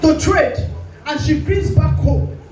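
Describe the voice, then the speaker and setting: Preaching slowly in a high-pitched yet darkish voice, this Nigerian English-accented woman pastor confronts her audience head-on and performs the voices she quotes. Her sermon comes from a distance in a very echoey hall with faint music.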